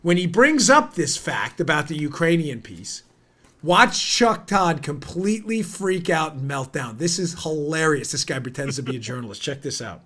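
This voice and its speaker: A man's voice: on the high side, big pitch swings, normal speed, a bit bright. Heated, sarcastic male podcast host. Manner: heated and sarcastic, talks straight to his audience. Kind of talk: political commentary.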